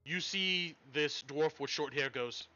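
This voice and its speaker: A man runs a tabletop game in an easygoing, unhurried storytelling voice that sits a little high and sounds bright. The audio is muffled, like a lo-fi stream. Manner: relaxed storytelling with frequent ums. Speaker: game master.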